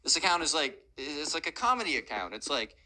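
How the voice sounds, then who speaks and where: A storytelling narrator voicing a calm, easygoing male teacher who hedges his words with lots of "like". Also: medium pitch, a little fast, low-quality recording. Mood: patient. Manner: relaxed, hedging, lots of "like".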